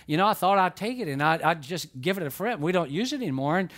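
A man's voice: high voice, lively intonation, fast, a bit bright. A man voicing a cheeky little boy in a sermon story. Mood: eager. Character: eager little boy giving away a lawnmower.

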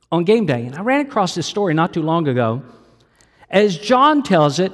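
A man's voice: high-pitched, long reverb tail. A male pastor delivering a sermon, telling a story and asking his listeners questions. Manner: storytelling, asks the audience questions.

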